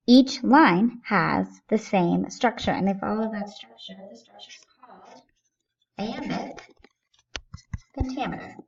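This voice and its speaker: A woman's voice: mid-range voice, muffled recording. A woman teaching a recorded lesson, explaining things step by step in a patient way.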